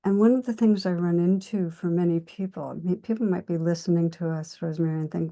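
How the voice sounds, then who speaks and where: A woman hosting an interview conversation, speaking in a gentle and measured way. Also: lowish voice, fairly even intonation. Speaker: host.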